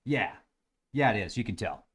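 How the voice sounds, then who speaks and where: A man's voice: lowish voice, expressive, a bit bright, slightly rough. Male host, chatty and sarcastic, talks to himself over footage, voice rises and falls a lot. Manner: musing, sarcastic, quick to laugh. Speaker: host commenting on live webcam footage. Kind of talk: casual thinking-aloud commentary.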